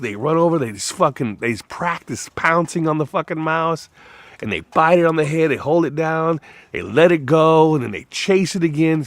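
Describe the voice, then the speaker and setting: A man in a rambling, profane monologue whose voice swings between loud outbursts and low mutters.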